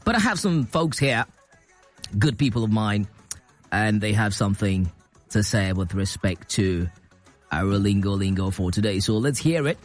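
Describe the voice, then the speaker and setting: A man hosting a radio call-in show in a loose, chatty way. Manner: loose, chatty, drifting pitch. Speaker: radio host. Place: radio studio.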